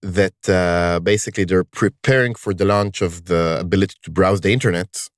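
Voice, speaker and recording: A man hosting a podcast in casual conversation, speaking emphatically and lifting his pitch on key words. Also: steady tone, moderate pace, dry recording, studio quality. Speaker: podcast host.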